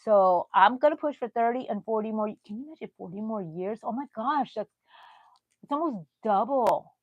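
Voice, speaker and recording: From a bedroom at home, a crochet channel host in her 60s chats loosely with her livestream audience. Her voice is on the high side and expressive, at a moderate pace, with no room sound and the highs cut off.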